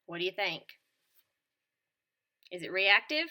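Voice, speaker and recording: Woman teacher talkin to kids, super bright voice, upbeat and encouraging. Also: medium pitch, moderate pace. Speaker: teacher presenting a school morning show lesson. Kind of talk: scripted lesson addressed to children.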